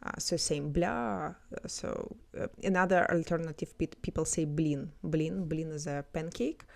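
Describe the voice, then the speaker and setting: A woman explains words and phrases in a relaxed, teacherly way, filling her pauses with ums. Her voice sits low for a woman. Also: vocal fry. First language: Russian. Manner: explanatory, many fillers. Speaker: language teacher. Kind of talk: explaining language clips.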